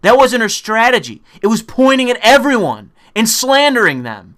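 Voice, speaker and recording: Very high-pitched and a bit bright, this commentator's voice swings widely in pitch as he speaks at normal speed. His political rant is angry, profane, sarcastic and combative, with mocking impressions when he quotes the other side.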